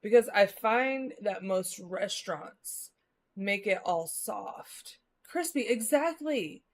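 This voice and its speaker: A woman's voice: medium pitch, lively intonation, slow pace. A woman from the Midwest, chatting casually with her live-stream viewers as she rambles along, using lots of filler words. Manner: rambling, many filler likes.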